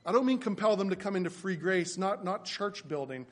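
A man with a notably high voice delivers a sermon from the pulpit. He preaches earnestly and repeats key phrases for emphasis, rising and falling as he drives his points home. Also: animated, brisk. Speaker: pastor.

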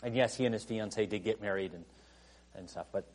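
A man preaching a sermon in a conversational way, full of "you know" fillers, who rises to emphatic outbursts and then drops quiet. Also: on the low side, brisk. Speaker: pastor.

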